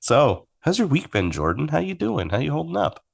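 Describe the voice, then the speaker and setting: A man's voice: on the high side, huge pitch swings, a little fast, creaky. A man co-hosting a faith podcast, chatting casually and trading jokes with his co-host. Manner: easygoing, jokey banter. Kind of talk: casual chat.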